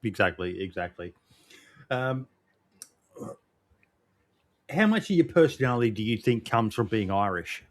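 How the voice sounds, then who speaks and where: A man's voice: on the low side, lively intonation, a little slow, long pauses. A man with an Australian accent hosting a casual interview, chummy and joking with his guest. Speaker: podcast host.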